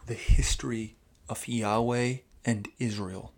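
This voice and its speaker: A man explaining scripture in a rambling, animated podcast conversation, quoting Hebrew phrases as he goes. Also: mid-range voice, slow pace. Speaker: Bible teacher.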